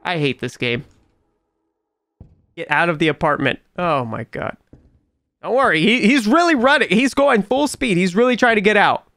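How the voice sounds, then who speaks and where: Young male gaming host, lively horror let's-play commentary, dry close mic with faint game music. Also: high-pitched, moderate pace, long pauses, no room sound. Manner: jumpy and incredulous, talks back to the game. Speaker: gaming YouTuber.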